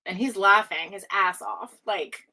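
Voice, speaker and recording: A woman's voice: mid-range voice, a little slow, bright, forceful tone, rough recording. A woman giving a live tarot reading, talking casually with lots of fillers, frequent laughs and a bit of swearing. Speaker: tarot reader. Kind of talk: live-stream psychic reading.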